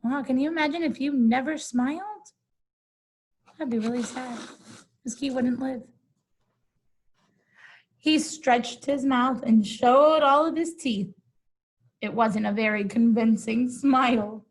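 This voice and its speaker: A woman's voice: sits high, takes it slowly, long pauses, poor audio. A woman reading a picture book aloud, breaking in with casual, amused asides to her listeners. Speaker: storybook reader.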